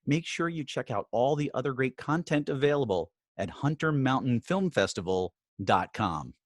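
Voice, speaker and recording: A man co-hosting a film festival podcast, chatting casually and telling stories with animated, laughing energy. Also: medium pitch, normal speed, no echo, clean studio sound. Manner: animated storyteller, laughs easily. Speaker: podcast co-host. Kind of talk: casual chat.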